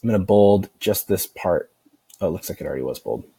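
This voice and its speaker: A man talks through a screen-recorded software tutorial in an easygoing, meandering way, often pausing with "um" and restarting his sentences. His voice sits on the low side, and the recording is close and dry. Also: slightly rough, no echo. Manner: relaxed, rambling, many fillers and restarts. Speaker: online marketing instructor.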